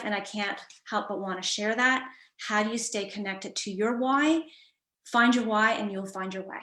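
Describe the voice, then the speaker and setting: A woman's voice: medium pitch, fairly bright tone, reverberant. A woman coach telling a personal story in a conversational, reflective way, with frequent fillers and restarts. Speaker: guest coach.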